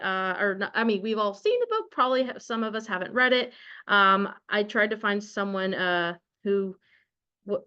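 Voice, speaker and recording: A woman's voice: medium pitch, a bit bright, dull audio. A young woman hosting an online book study in a chatty, casual way, with plenty of fillers and restarts. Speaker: study group host.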